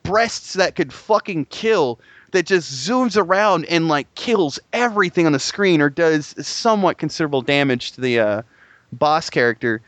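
A young man gushes about video games in a rambling, profane, excitable way. His voice sits a little high and sounds dry and close, with no room around it. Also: normal speed, no room sound. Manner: excitable, rambling, swears a lot. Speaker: gaming podcast co-host. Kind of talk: casual profane chat.

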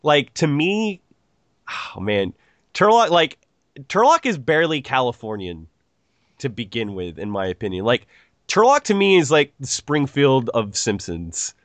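A man's voice: mid-range voice, very animated, measured pace, fairly bright tone, no room sound. A man hosting a podcast, chatting casually, rambling and swearing freely with lots of "like". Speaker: podcast host.

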